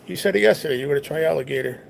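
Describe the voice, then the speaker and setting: A man's voice: fairly high pitch, very fast, gravelly, slight background noise. A man hosting a casual livestream, chatting in a rambling way and reacting to viewers' messages. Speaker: livestream host reading chat. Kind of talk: casual chat.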